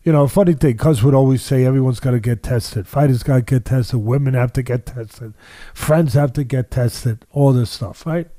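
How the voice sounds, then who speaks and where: An older boxing trainer tells stories in an interview, speaking emphatically and repeating phrases to drive his points home. His medium-pitched voice is mellow and moderately paced. The audio is studio quality with no room sound.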